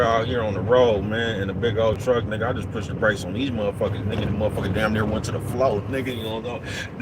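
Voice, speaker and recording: Streetwise trucker over road noise. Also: male voice, fairly low pitch. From East Oakland, California. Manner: streetwise, profane, keeps asking "you know what I'm talking about". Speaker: truck driver vlogger. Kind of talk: casual vlog monologue answering comments. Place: inside a big truck cab on the road. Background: traffic and vehicle noise.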